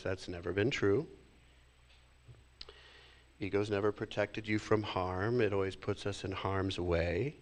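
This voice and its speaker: A male minister giving a reflective sermon, sometimes acting out inner thoughts with sighs. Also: fairly low pitch.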